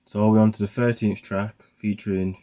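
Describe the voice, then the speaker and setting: A man's voice: lowish voice, level tone, normal speed, mellow. A young man giving casual, rambling commentary on songs he is reacting to, full of "like" fillers. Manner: rambling, heavy use of "like" fillers. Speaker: music reaction host.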